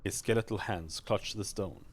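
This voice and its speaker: Low-voiced man narrating game text. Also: normal speed. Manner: steady narration with small slips and restarts. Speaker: streamer. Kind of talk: reading game text aloud on a live stream.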